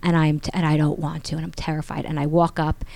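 Lower-voiced woman telling a story. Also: fast talker, gravelly, dry recording. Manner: animated, acts out quotes with rising pitch. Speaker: guest. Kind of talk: casual storytelling interview.

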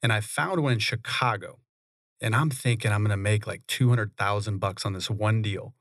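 Low-voiced man telling his story on radio. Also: moderate pace, dry recording, studio quality. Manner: relaxed, conversational, laughs often. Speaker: real estate investor guest. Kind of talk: interview storytelling. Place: radio studio.

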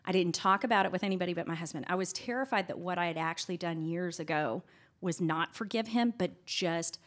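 A middle-aged woman with a slightly low voice recounts a personal story as an interview guest. She speaks earnestly and candidly. She turns lively when she acts out what was said. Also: brisk. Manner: earnest, candid, animated when retelling scenes.

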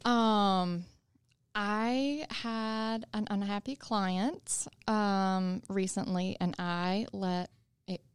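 A woman's voice: mid-range voice, steady tone, drawn-out words, clear, resonant tone. A woman, a small business owner, telling a story in a casual interview, chatty and full of fillers.

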